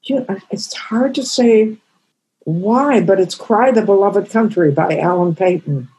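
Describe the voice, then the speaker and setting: Older woman in her 80s; husky, halting, emotional; interview guest. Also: mid-range voice, dark tone, low-quality recording. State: crying. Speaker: comedian guest. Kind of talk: storytelling interview answers.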